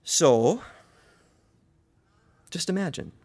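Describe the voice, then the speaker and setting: A man preaching a sermon, retelling a story dramatically, swinging from hushed words to loud cries. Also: fairly high pitch, expressive, very slow.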